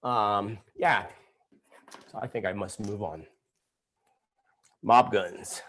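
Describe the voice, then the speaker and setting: A man's voice: on the low side, slow, a bit bright, a little hiss or hum. A middle-aged man hosting a live stream, talking in an indignant, sarcastic rant and reading viewer comments. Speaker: psychic host of live stream.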